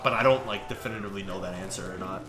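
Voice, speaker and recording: A man's voice: deep voice, very fast, heavy background noise. A young man casually chatting with viewers while he plays, rambling and laid-back, full of "like" and "bro". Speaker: gaming streamer.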